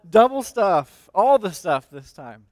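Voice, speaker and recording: A lead minister preaching a sermon in a conversational way, with frequent fillers and restarts, and reading scripture aloud. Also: male voice, high-pitched, very animated, takes it slowly, darkish tone, no room sound.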